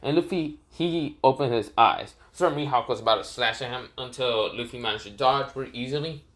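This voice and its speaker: A man's voice: medium pitch, brisk, fairly bright tone. A young man casually narrating a fan story, rambling with swearing and frequent restarts.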